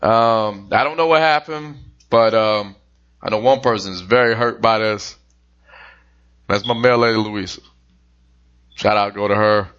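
A man's voice: lowish voice, unhurried, long pauses, a bit bright, smooth, highs cut off. A man co-hosting a podcast, telling a jokey story in casual chat, swearing now and then. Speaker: podcast co-host.

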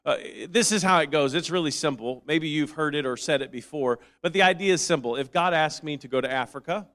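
A man with a high voice delivers a sermon. He reasons quietly through scripture, repeats his phrases for weight, then rises into loud, fervent calls to the congregation. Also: fairly quick. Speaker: preacher.

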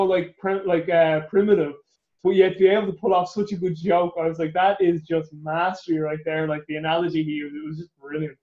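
An Irish man hosts a casual interview, chatty and quick to swear, often stammering into repeated words. His voice sits a bit high. The sound is roomy and somewhat dull, like a remote call. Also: a little mellow. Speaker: podcast host.

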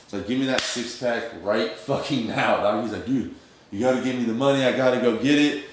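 A man's voice: medium pitch, fairly quick, slight background noise. A young man telling a story in casual, streetwise slang, acting out the quoted dialogue as he goes. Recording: very echoey room.

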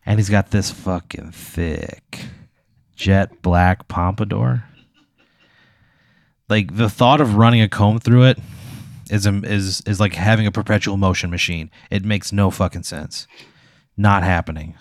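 A man narrating a tabletop role-play game as game master, telling scenes in a loose, profane, vivid way. His voice sits a little low, and it is recorded close and dry. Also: fairly even intonation, unhurried, dry recording. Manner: casual, profane, vivid storytelling.

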